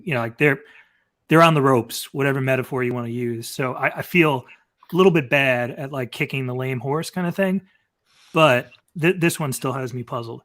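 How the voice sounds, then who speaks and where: A man hosting a casual gaming talk show, putting questions to the panel in a measured, wry way. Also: mid-range voice, a bit bright. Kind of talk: casual chat.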